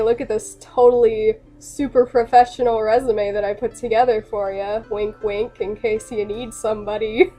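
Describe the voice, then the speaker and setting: An excitable young woman talks to her viewers in a loose, rambling rant, often breaking into laughter. Her voice sits a little high for a woman. Faint music plays behind her. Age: young adult. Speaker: animator and vlogger. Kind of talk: casual rant to camera.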